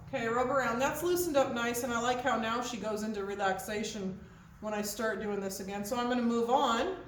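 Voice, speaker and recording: A woman's voice: fairly high pitch, brisk. A woman horse trainer walks her viewers through a hands-on lesson step by step, often stopping to ask "okay?". Her voice is heard from a distance in a very echoey space, with faint noise underneath. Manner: explains step by step, checks in with "okay?". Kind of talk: hands-on instruction.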